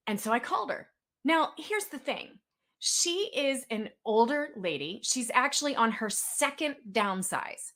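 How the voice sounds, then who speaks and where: A woman's voice: on the high side, big pitch swings, moderate pace, sharp tone. Chatty woman giving a webinar talk. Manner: chatty storytelling, acts out quoted exchanges. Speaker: webinar speaker. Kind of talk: webinar presentation.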